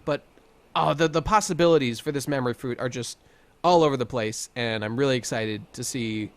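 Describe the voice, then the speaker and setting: A young man co-hosting a casual podcast, talking excitedly with lots of stammered restarts. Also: medium pitch, a little fast, no echo. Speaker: podcast co-host. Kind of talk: casual chat.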